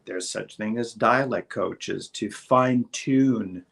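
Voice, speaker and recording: A man's voice: fairly low pitch, slow pace, gravelly, fairly bright tone. A man in his sixties, a guest actor in a casual interview, talking in a rambling, hesitant way with many fillers and restarts. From Saint Boniface, Manitoba, Canada. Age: 60s.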